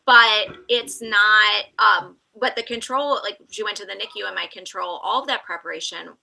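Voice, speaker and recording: A woman's voice: medium pitch, fairly even intonation, moderate pace, vocal fry, pushed and bright, poor audio. A woman talking as a podcast guest, reflective and open about personal experience. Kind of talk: conversational interview talk.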